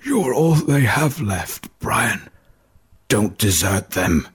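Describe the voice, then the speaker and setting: A man plays a dying old father in a storybook, struggling to get each word out. The voice is breathy, faint and slow, urgent but weak. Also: on the low side, sing-song, full character voice. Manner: faint, strained whispering.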